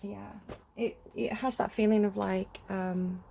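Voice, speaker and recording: A woman's voice: medium pitch, fairly even intonation, takes it slowly, vocal fry, dark tone, slight background noise. A young adult woman giving a casual tarot reading, rambling and correcting herself as she reads card text aloud. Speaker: tarot reader.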